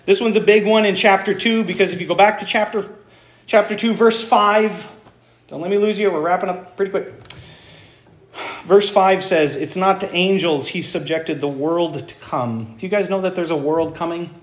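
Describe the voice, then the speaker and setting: A high-pitched man preaches a sermon, drawing his congregation in with questions. His voice rings through an echoey church sanctuary. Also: normal speed. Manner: engaging, asks the congregation questions. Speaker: pastor. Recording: echoey room.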